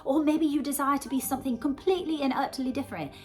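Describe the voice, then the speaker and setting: A woman's voice: high-pitched, fast talker, a little mellow, faint music behind. A woman in her forties with a Southern American accent put on as British RP, rambling chattily and effusively to her viewers. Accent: American Southern with a put-on British RP polish. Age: 40s. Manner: gushing, effusive, chatty with many fillers. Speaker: author and vlogger. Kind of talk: rambling casual monologue to viewers.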